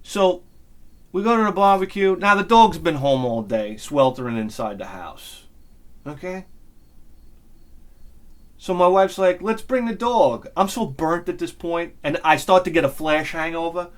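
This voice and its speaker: A middle-aged man, telling a crude, animated story on his vlog, swinging between loud bursts and muttered asides. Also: a little high, a little slow, long pauses. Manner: crude humor. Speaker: vlogger. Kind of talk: casual storytelling.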